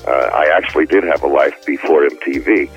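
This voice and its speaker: An older man, a former music executive, telling an anecdote in a relaxed way with a husky voice. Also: extremely low pitch, brisk. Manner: relaxed storyteller with fillers. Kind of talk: recalled anecdote. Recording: slightly muffled interview recording.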